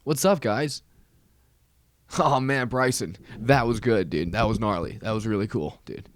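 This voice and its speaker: A man's voice: fairly low pitch, measured pace, no room sound, studio quality, lightly acted. A man putting on the voice of a laid-back young snowboarder bro, drawling with heavy slang. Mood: stoked.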